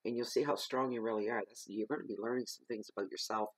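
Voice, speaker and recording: His voice fairly low and husky, a tarot reader moves at a quick pace with fairly even intonation through an earnest weekly reading. He repeats himself for emphasis, gives forceful advice, and coughs; the audio is dry and close with no room sound.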